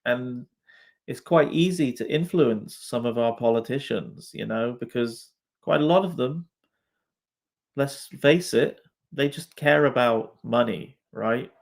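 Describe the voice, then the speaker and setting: A man's voice: mid-range voice, measured pace, creaky. A man hosting a live stream, reacting to chat comments in a casual, swearing, laughing way. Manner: swears freely, laughs often, talks to comments.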